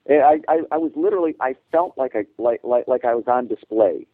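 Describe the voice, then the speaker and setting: A man chats on a podcast, telling a long story in a halting way, restarting and repeating words as he goes. His voice comes through thin and tinny, like a phone line, and sounds dry, with no room around it. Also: mid-range voice, no room sound. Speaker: podcast co-host. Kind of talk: casual podcast chat.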